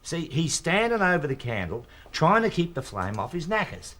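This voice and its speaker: A man's voice: a little high, sing-song, normal speed, a bit bright. An actor in his sixties with an Australian accent, playing a retired working-class husband who tells long jokes, rambling and fumbling for words. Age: 60s. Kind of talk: scripted TV sitcom acting.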